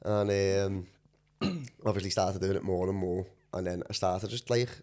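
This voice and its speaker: A man's voice: sits low, a little slow, a little mellow. A young man, a podcast guest who talks about his coaching in a rambling casual chat full of slang. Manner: rambling, laughs a lot, heavy slang.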